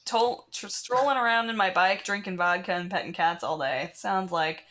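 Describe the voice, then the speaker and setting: A woman's voice: fairly low pitch, normal speed, a bit bright. Giggly young woman telling a story. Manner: giggly, loose, profane storytelling. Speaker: podcast co-host. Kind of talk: casual chat.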